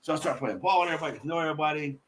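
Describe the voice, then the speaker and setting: A man guest on a podcast, telling a personal story in a blunt, profane, animated way. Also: on the high side, rapid-fire, a little hiss or hum. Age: adult.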